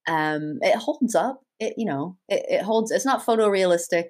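A woman's voice: mid-range voice, lively intonation, moderate pace. A woman co-hosting a casual chat over a video call, enthusiastic and swearing freely as she talks about games she loves. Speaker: podcast co-host.

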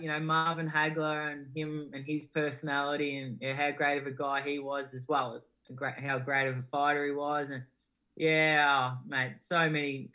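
A man's voice: fairly high pitch, rough recording. A young man from Australia with an Australian accent, answering interview questions in an easygoing way, full of yeahs and ums. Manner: easygoing, many yeahs and ums, flat delivery. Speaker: guest boxer.

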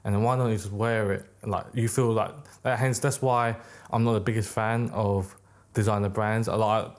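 Young man, podcast guest, lowish voice, chatty and rambling. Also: steady tone, moderate pace. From United Kingdom. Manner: rambling, full of "like" and restarts. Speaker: podcast guest, clothing brand maker. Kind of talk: casual interview chat.

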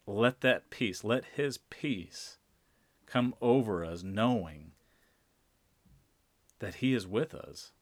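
Slow, deliberate low-voiced male preacher. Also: no room sound. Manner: slow, deliberate, emphatic repetition. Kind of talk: sermon.

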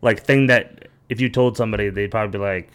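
A man's voice: fairly low pitch, fairly even intonation, quick pace, smooth. A young man hosting a casual chat, asking loose, rambling questions. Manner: asks rambling questions, short reactions.

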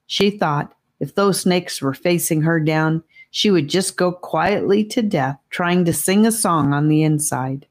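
A woman reading an audiobook chapter aloud in a steady, expressive way. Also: low-pitched, a little slow, hardly any pauses. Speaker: audiobook reader. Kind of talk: audiobook narration.

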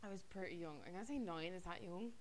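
A young Irish woman co-hosting a podcast, telling a story in an animated, sweary way. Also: lowish voice, quick pace, slight background noise. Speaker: podcast co-host. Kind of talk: casual chat, storytelling.

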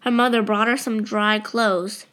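A woman's voice: medium pitch, fairly even intonation, a bit bright, close to an everyday voice. Woman reading as a stern worried mother. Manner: demanding, rapid questioning.

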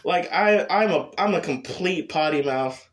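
A young man with a high voice chats alone on his podcast. He rambles, restarts his sentences and swears constantly in an easy, unscripted way. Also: expressive, unhurried. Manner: rambling, heavy cursing, restarts. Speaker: podcast host. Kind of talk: solo casual chat.

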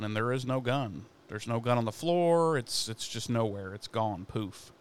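A man co-hosting a casual recap podcast. His voice is smooth and resonant at a middling pitch, and he tells the story with animated, acted-out quotes and plenty of casual swearing. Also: moderate pace. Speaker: podcast co-host.

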